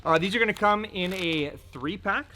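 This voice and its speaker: A man's voice: high voice, normal speed, noisy background. A man presenting fishing gear in a casual product showcase, chatty and joking, often filling gaps with "so" and "right?". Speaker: fishing tackle shop presenter.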